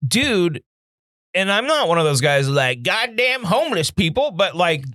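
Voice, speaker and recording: Young man, californian accent, casual podcast chat, rambling storyteller, lively swinging pitch, dry close sound. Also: measured pace, no echo. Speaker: podcast co-host.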